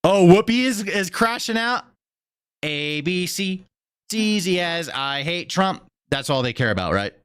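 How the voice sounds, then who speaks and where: A young man riffing on a live stream, excitable and slangy, swearing freely as he reacts. His pitch swings around a lot. The sound is dry and close. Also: a little slow, clear, resonant tone, dry recording. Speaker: streamer host. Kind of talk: casual political commentary stream.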